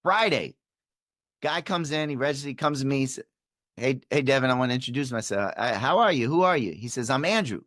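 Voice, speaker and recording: A male coach tells a story in a conversation and voices each person's lines, with his pitch jumping up when he gets excited. His voice sits in an ordinary middle range. The sound is dry and close, with no room around it. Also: a little fast, dry recording. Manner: acts out dialogue with shifting pitch and energy. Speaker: performance coach, podcast guest.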